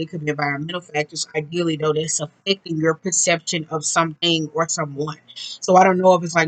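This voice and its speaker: Woman, tarot reader, bright voice, AAVE, profane, rambling casual delivery. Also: sits low, rough recording. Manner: loose, profane, chatty, thinking aloud. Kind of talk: casual tarot reading monologue.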